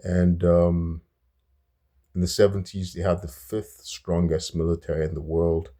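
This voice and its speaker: A man's voice: sits low, little pitch movement, unhurried, warm tone. A man hosting a casual, unscripted history talk, with many fillers and restarts.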